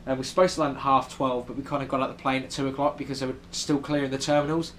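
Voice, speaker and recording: Young British man, casual vlog chat, rambling with ums, mid pitch, faint background hum. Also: level tone, racing, a bit bright. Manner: chatty, many ums, rambling. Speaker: vlogger. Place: hotel room in New York City.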